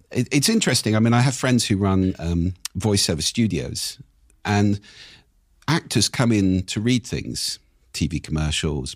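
Brief: older man, croaky and husky, very low voice, lively swooping delivery, dry sound. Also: no room sound. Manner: animated, swoops up and down in pitch. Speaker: speaking coach. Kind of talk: casual conversation.

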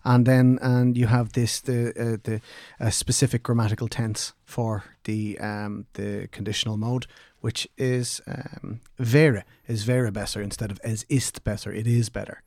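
Man, low and dry. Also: flat delivery, a little mellow, no room sound. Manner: joking, then halting with many ums. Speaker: podcast co-host. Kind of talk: casual explanatory chat.

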